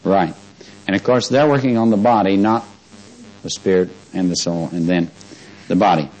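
A man's voice: deep voice, darkish tone, faint music behind, rough recording. Man preaching a conversational sermon. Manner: conversational preaching that swells to emphatic, drawn-out stresses; chuckles often.

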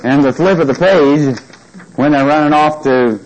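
A man's voice: on the high side, normal speed, a little mellow, dull audio. A man teaching a Bible study, reading scripture aloud with emphasis and often checking whether listeners follow him. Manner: asks the listeners questions often.

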